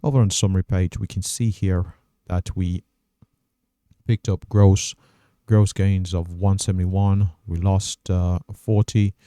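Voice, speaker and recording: Low flat-voiced guy going over his trading day, smooth dark tone, dry close mic. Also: dry recording. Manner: measured, methodical, thinks aloud with fillers. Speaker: trading channel host. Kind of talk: casual trading recap over screen recording.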